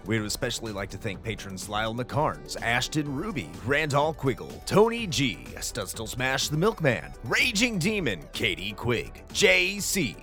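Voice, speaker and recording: A man's voice: medium pitch, pushed and bright. A man hosting a retro gaming podcast, talking in a playful, wordy, alliterative way. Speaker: podcast host. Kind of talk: casual podcast chat.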